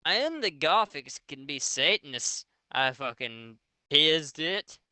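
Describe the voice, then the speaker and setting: A man's voice: a little high, sing-song, slow pace, bright, forceful tone, smooth, dry recording. A man doing a mocking comedic reading of a bad fanfic aloud to friends, swearing often. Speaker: reader of a fanfic.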